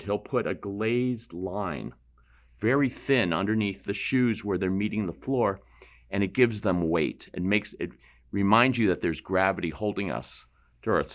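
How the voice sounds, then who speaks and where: Painting instructor, man, deep voice, relaxed explanatory studio demo. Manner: relaxed, explanatory, thinks aloud while painting, self-deprecating asides. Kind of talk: painting demonstration.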